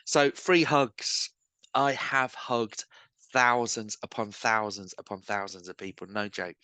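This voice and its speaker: A man, a street evangelist, telling lively self-mocking anecdotes in casual chat. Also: on the low side, unhurried, no room sound. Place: pub bar.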